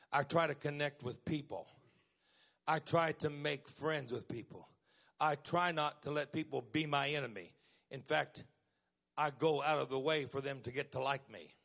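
A middle-aged man preaching a sermon, moving from quiet storytelling to loud, emphatic lines with stretched-out words. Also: medium pitch, gravelly.

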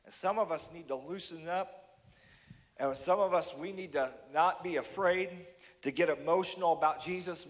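An impassioned male pastor preaching with a fairly high voice, climbing to near shouts and then sinking to hushed words. His voice rings out with a long reverb tail, as in a large hall. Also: normal speed. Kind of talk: sermon.

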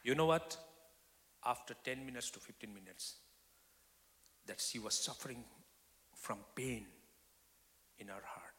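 Man, guest preacher, bright forceful tone, testimony sermon swinging between loud and whispered, church hall reverb. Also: mid-range voice, expressive, a little slow, pauses often. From Nepal. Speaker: guest speaker.

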